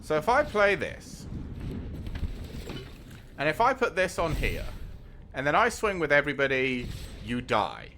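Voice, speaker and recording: A man's voice: fairly high pitch, huge pitch swings, a little slow, long pauses, pushed and bright, slight background noise. A British man in his thirties, a streamer chatting to viewers while playing a card game. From Britain. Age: 30s. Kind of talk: casual gameplay commentary.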